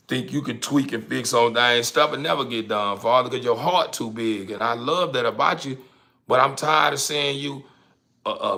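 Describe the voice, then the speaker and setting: This livestream host is a man with a mid-range, creaky voice and a sharp tone. He rants casually and repetitively, swearing, laughing, stumbling, and repeating words.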